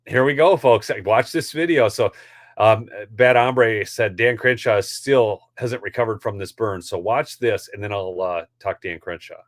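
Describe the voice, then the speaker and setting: A man's voice: lowish voice, a little slow, no echo, clean studio sound. A man hosting a live political commentary show, heated and ranty, often calling his audience "folks". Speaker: host.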